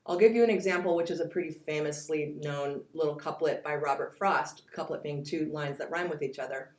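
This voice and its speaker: Woman, poetry teacher, lowish voice, lively explaining, reads verse aloud, roomy echo. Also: fairly quick. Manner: explains with spoken examples and reads poem lines aloud. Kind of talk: course introduction lecture.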